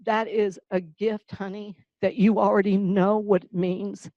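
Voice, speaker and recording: A woman's voice: mid-range voice, level tone, warm tone, dry recording, highs cut off. An older woman from the North Carolina-Virginia border, giving a folksy, heartfelt award tribute. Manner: folksy storyteller, slow and emotional. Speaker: award presenter.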